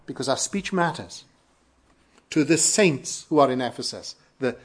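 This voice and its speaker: A man from Wales with a Welsh accent, preaching an earnest sermon with emphatic rises and quiet falls. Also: medium pitch, expressive, measured pace, breathy edge. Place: church in London.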